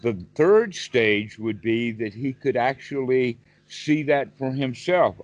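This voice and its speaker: A man giving a calm, explanatory Buddhist talk on a group call, often repeating words as he thinks. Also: medium pitch, slow pace, hardly any pauses, no echo, muffled recording. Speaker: Buddhist teacher. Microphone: video call.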